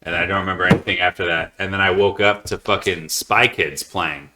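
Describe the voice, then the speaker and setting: A man's voice: fairly even intonation, brisk, noisy background. A man in his thirties hosting a podcast, chatting casually and telling rambling, profane stories. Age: 30s. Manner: profane, rambling storyteller who drops his voice low. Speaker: podcast host. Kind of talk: casual chat. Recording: small echoey studio.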